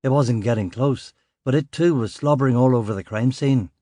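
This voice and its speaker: A man reading a crime novel in first person, with a dry, sardonic, gruff delivery. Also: mid-range voice, a little fast, mellow, dry recording. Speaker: audiobook narrator. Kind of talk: first-person scripted narration.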